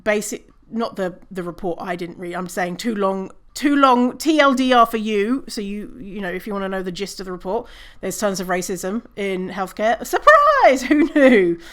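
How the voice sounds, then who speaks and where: A woman's voice: medium pitch, fairly even intonation, moderate pace, few pauses. A woman hosting her own podcast, talking casually on her own, swearing and laughing at herself. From British Columbia, Canada. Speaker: podcast host. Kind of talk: casual solo podcast talk.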